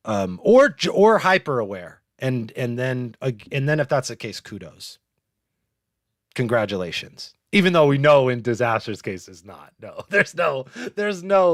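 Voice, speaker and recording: Brief: male podcast host, animated and profane, keeps breaking into laughter, dry close sound. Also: on the low side, no echo. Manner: animated, laughing, swearing a lot. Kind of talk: live podcast chat.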